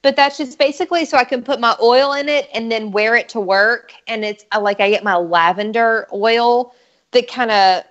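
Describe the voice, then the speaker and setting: A woman's voice: a little high, normal speed, a bit bright. A woman with a Southern US accent chatting frankly and laughing easily on a live online show. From Southern United States. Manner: frank, giggly, swears freely. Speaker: guest, upcoming show host. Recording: lo-fi online call audio.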